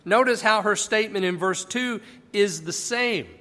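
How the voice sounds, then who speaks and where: Male Bible teacher, high and bright, conversational and emphatic, long reverb. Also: normal speed.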